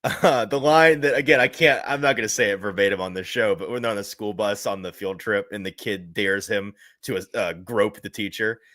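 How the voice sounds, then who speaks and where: Man co-host, lower voice, bright tone, chatty and rambling, dry close sound. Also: fairly even intonation, normal speed, hardly any pauses, dry recording. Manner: rambling, self-interrupting, laughs at his own quotes. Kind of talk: casual chat.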